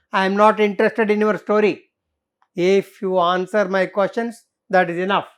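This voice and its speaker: A woman with an Indian English accent reading the part of a rough male intruder who barks curt orders and demands answers. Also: medium pitch, lightly acted.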